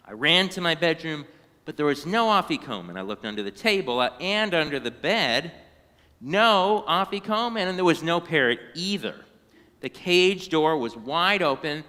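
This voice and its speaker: A man reading a children's storybook aloud in a synagogue, animated and now and then singing short phrases. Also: on the high side, moderate pace, in a large hall. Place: synagogue sanctuary.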